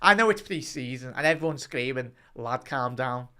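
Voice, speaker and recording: A young man hosting a live football watch-along, chatting to his viewers and breaking into excited commentary. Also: mid-range voice, normal speed, clear, resonant tone. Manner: excitable, bursts into loud rising commentary during attacks; chatty, addresses the live chat by name.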